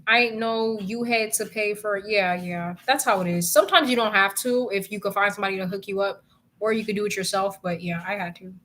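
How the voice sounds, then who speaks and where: Bright-voiced young woman ranting casually. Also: medium pitch, brisk, slight background noise. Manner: animated, profane and exasperated ranting. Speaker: vlogger. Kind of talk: casual chat to viewers.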